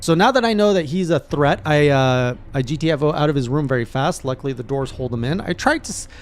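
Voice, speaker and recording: A man, a gaming streamer, recapping his playthrough in casual narration with animated, excited reactions. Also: on the high side, fast, a little hiss or hum.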